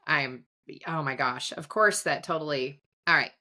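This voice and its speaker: A woman's voice: sits low, normal speed, bright, forceful tone. A middle-aged woman hosting a podcast, chatting casually and rambling with frequent giggles. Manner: giggly, rambling, laughs often. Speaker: podcast host. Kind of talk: casual chat.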